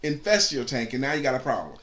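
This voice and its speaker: Bright-voiced man co-hosting live. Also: mid-range voice, sing-song, fast. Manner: easygoing and joking, reads comments aloud. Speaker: co-host of a live online show. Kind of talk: casual live-stream chat reading viewer comments.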